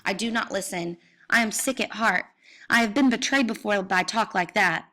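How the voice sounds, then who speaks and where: A woman's voice: mid-range voice, normal speed, fairly bright tone. A woman giving an intense, dramatic reading of a novel in the first person, rising into cries at the violent moments. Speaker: reader.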